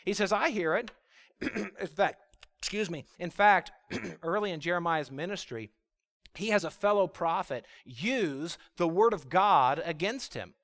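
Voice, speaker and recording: A middle-aged man preaching a sermon, his voice sitting fairly high for a man. He is animated, acting out the prophet's complaints with feeling, and he turns low and quiet when he reads scripture. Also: measured pace.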